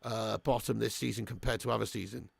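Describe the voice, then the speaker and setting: A man's voice: fairly low pitch, little pitch movement, fairly quick, vocal fry, husky, no room sound. A young man hosting a live match watch-along, swearing freely and reading out viewer messages. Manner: crude, swearing fan banter; reads out viewer super chats. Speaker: fan channel host.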